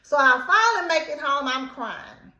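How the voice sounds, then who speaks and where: A young adult woman telling a casual story time, animated and dramatic as she acts out what was said. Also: high voice, moderate pace, reverberant. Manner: animated, dramatic retelling with quoted outbursts.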